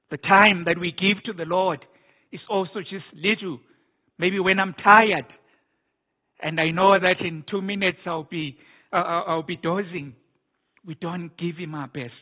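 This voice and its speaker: A male preacher, delivering an emphatic sermon with repeated words and restarts. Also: high-pitched. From South Africa. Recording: phone-like narrow band.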